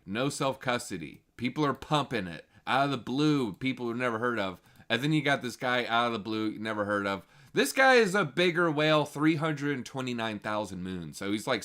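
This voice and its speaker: A man hosting a casual crypto livestream, reading chat messages and reacting in a slangy, animated way that swings from low mutters to loud excited outbursts. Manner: slangy, reads viewer chat aloud. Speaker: crypto show host.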